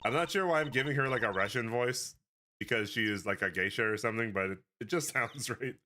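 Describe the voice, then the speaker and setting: A man casually chatting to his viewers while he plays a video game, relaxed and full of fillers. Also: mid-range voice, brisk. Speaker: streamer. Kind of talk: casual let's-play commentary. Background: game music.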